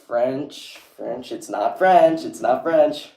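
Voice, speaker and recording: Here the same sort of streamer speaks slowly, with a warm, medium-pitched voice. In an echoey room, the young man rambles casually, reads out what viewers type, and leans heavily on "like."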